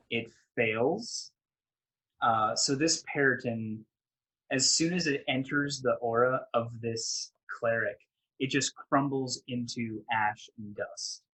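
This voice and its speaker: A man runs a tabletop game in a husky, slightly breathy voice. He narrates at an easy pace and keeps restarting his sentences with small fillers. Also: mid-range voice, low-quality recording. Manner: relaxed, with frequent fillers and rephrasing. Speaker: game master.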